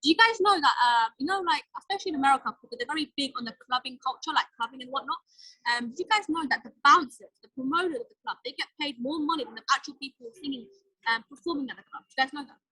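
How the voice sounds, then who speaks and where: A woman giving a motivational sales training talk, energetic and direct in a coaching tone. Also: sits high, very fast, no room sound, rough recording.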